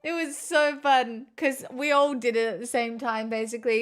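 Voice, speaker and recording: A woman's voice: on the high side, steady tone, moderate pace, gravelly, hardly any pauses, faint music behind. A woman live streamer in a put-on transatlantic accent, chatting casually with her viewers, self-mocking and swearing freely. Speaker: live streamer greeting chat.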